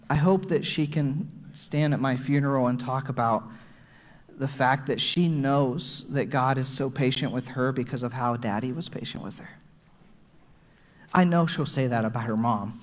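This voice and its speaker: A young adult man preaching a sermon as pastor, earnest and personal, at times getting emotional. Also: mid-range voice. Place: large church hall. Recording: long hall reverb from church PA.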